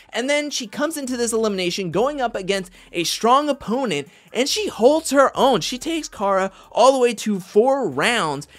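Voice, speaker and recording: Chatty and animated, this male host recaps a reality competition show casually, frequently mimicking others' words in mock voices; his voice sits high.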